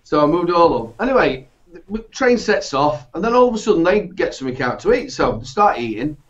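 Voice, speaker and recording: A man with a Yorkshire accent telling animated, sweary stories in casual chat. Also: fairly high pitch, a little fast. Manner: animated anecdotes, swears, laughs through stories. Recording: dull lo-fi sound.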